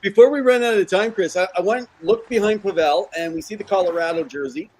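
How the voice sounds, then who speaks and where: Higher-voiced man hosting a podcast. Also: quick pace, a little hiss or hum, low-quality recording. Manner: brief backchannels and friendly questions. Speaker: podcast host. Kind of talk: casual interview.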